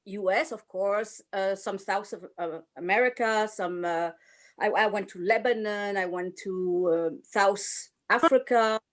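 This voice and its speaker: A woman's voice: medium pitch, a little slow. An older woman from France with a French accent, a burlesque performer chatting as a guest on a video call interview.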